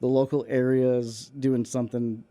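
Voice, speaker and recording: A man's voice: medium pitch, level tone, moderate pace, mellow, dry recording. A man co-hosting a casual community radio talk show, easygoing and laughing often as he gives practical advice. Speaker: co-host. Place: radio studio.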